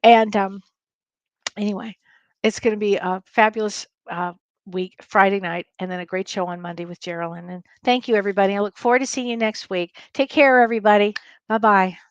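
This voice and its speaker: A middle-aged woman hosting a live-stream Q&A as a spiritual medium, reading viewer comments and reassuring them with warm repetition. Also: medium pitch, fairly even intonation, fairly quick, clean tone, dry recording, muffled recording. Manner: warm, reassuring, repeats phrases for comfort.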